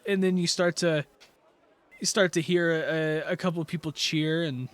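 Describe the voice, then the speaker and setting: A man narrating as game master of a tabletop game, relaxed and full of fillers. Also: a little high, normal speed, dry recording.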